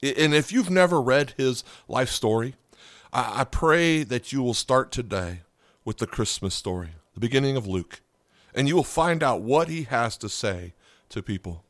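A man's voice: mid-range voice, expressive, normal speed, no room sound. Man preaching a chatty podcast sermon. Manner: conversational, asks the listeners questions. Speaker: pastor.

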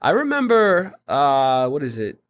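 A man's voice: a little high, measured pace. A young man co-hosting a podcast, telling school stories in casual, slangy chat. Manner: animated storyteller, slangy. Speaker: podcast co-host.

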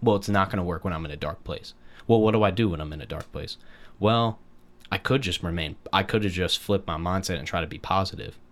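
A man's voice: low-pitched, brisk, few pauses, a bit bright. A man in casual conversation, reflective and rambling, full of restarts and fillers.

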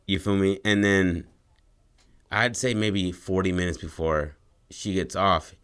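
A man chatting casually on a podcast, pitching a story idea in loose, slangy, profane language. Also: steady tone, a little slow, fairly bright tone, smooth.

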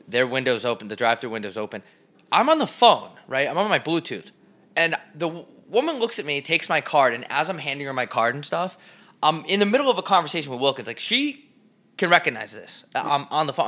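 A man's voice: on the high side, brisk. A young man co-hosting a podcast, casually telling stories, swearing freely and acting out the people he quotes. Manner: animated storyteller, swears, acts out quotes loudly. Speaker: podcast co-host. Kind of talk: casual storytelling chat.

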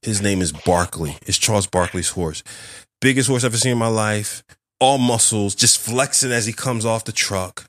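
A man hosting a podcast interview, telling a story in a lively, animated way and acting out the voices in it. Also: lowish voice, normal speed, dry recording. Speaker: podcast host. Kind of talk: casual interview chat.

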